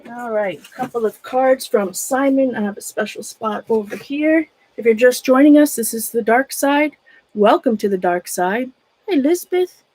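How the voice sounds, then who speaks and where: Chatty middle-aged woman, a touch high. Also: expressive, moderate pace, a little mellow, no echo, low-quality recording. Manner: chatty, rambling, greets viewers by name. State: nervous and shaky. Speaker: livestreamer. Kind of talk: casual livestream chat while sorting a closet.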